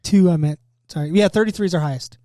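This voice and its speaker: A man's voice: high-pitched, very fast, mellow, no room sound, clean studio sound. A young man hosting a casual podcast, joking loosely and reading facts aloud. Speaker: podcast host. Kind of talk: casual chat.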